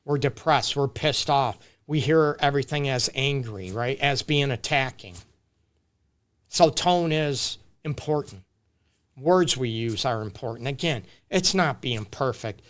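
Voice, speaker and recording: This man's voice is medium in pitch, fairly bright, and unhurried as he offers relationship guidance during a laid-back live-stream Q&A. Speaking loosely and off the cuff, he restarts sentences, uses fillers, and checks in with "right?" and "you get me?"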